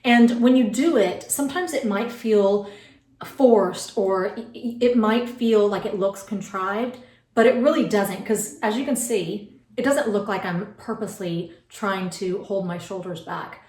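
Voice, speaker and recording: A woman's voice: medium pitch, unhurried, darkish tone. Chatty woman in a roomy space. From United States. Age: 40s. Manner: chatty, rambling, many fillers and asides. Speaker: beauty vlogger. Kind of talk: casual how-to vlog. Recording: roomy, mic some distance away.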